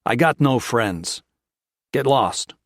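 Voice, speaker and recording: A man's voice: mid-range voice, expressive, slow, dry recording. Male narrator as a curt, sullen boss, dry. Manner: curt, insulting. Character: bitter, fallen American camp racketeer.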